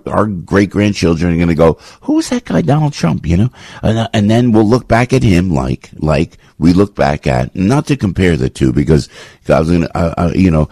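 Deep husky talk radio host. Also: male voice, no echo. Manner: animated, rambling with restarts, jokey asides.

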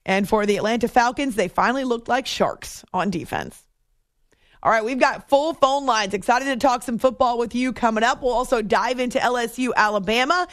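Brief: woman sports radio host, bright high voice, emphatic and eager, dry close studio sound. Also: moderate pace, no room sound. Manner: enthusiastic, emphatic, talks to callers. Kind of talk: animated sports talk radio. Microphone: studio microphone.

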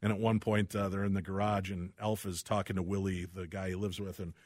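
A man hosting a casual talk show, telling animated, self-deprecating stories about his house. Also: low-pitched, brisk, no room sound, studio quality. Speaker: radio show host. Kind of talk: casual chat.

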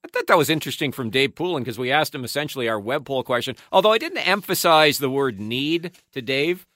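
A man hosting sports talk radio, chatting casually with lively banter and often laughing as he reads out poll numbers. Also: mid-range voice, a little fast, no echo, studio quality.

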